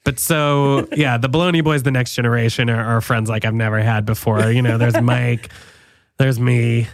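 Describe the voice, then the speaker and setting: A young man talks in a deadpan, meandering way, filling pauses with ums. His voice sits in a middle pitch, and the recording is close and dry with no room sound. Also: no room sound. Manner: deadpan, rambling with many ums and fillers. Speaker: podcast guest. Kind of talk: comedic mock wedding toast.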